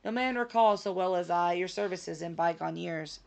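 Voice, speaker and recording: A woman's voice: fairly low pitch, normal speed, vocal fry. A woman reading aloud as a mild, polite man kindly declining an offer. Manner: mild and gracious.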